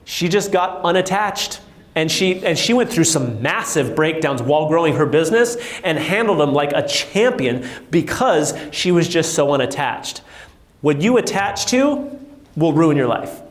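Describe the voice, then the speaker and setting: A man coaching real estate agents, telling stories with animated quoted voices. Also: fairly high pitch, normal speed, roomy sound. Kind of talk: motivational talk to agents.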